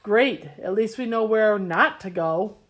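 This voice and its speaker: Woman voicing a gruff, grumbling male firefighter. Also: mid-range voice, measured pace, lightly acted. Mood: grumpy. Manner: grumbling, irritable.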